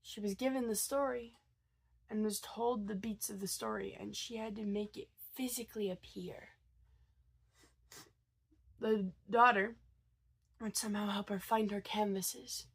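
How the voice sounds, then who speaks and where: A woman's voice: medium pitch, gravelly, husky. A woman vlogger who is sick and tired, chatting casually and telling a story with lots of hesitations. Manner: chatty, hesitant, many fillers and restarts.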